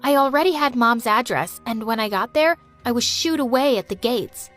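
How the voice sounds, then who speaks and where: A woman tells an animated story in the first person, lively and emotional as she voices a teenage girl. Her voice sits fairly high, with faint music underneath. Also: moderate pace.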